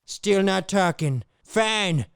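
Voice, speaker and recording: Hot-headed blustering interrogator as a man plays him, high and gravelly, cartoon satire. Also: lively intonation, slow pace, background noise, exaggerated voice. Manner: blustering, shouting threats.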